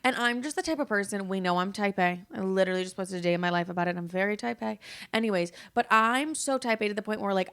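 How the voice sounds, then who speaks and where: A young woman talks through her own podcast in a loose, chatty way, swearing freely and slipping into the voices of people she quotes. She sounds tired, and her pitch sits in a middle range for a woman. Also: a bit bright, clear, resonant tone. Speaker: podcast host. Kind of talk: casual solo podcast chat.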